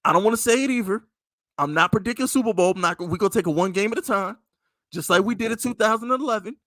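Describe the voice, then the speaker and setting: Podcast host, a New York man with a high voice, emphatic and heated, delivered dry with no room echo. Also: very fast, pushed and bright. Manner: heated, profane, emphatic venting. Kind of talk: casual sports podcast rant.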